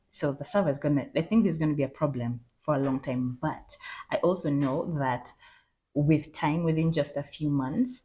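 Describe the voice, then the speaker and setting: A woman chatting casually in a vlog, animated and excitable, mimicking a chatbot in playful voices. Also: very deep voice. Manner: excitable squeals and laughs. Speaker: vlogger.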